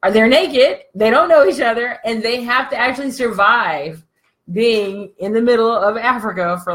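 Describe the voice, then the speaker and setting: A woman business coach telling a comic story in a slangy, animated way, laughing often. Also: fairly high pitch, normal speed.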